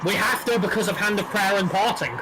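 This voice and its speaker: A man's voice: high voice, fast talker, background noise. A man in casual gaming voice chat, bluntly pointing out a teammate's mistakes.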